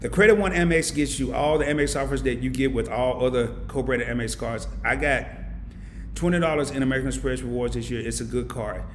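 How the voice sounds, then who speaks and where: A man's voice: medium pitch, brisk, slight background noise. Male live-stream host, mid-range voice, roomy echo. Reads and answers viewer comments. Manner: emotional, heartfelt thanks. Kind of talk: casual live stream chat. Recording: echoey room.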